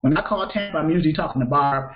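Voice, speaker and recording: A man's voice: fairly high pitch, fast, dull audio. A man teaching a live freight broker training class, talking casually, repeating himself and checking that students follow. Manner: conversational, repeats phrases, checks understanding with questions.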